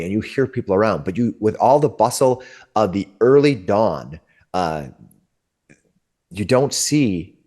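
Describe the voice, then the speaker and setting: A man with a lowish, darkish voice narrates as a game master. He describes scenes in a meandering, searching way and frequently restarts himself.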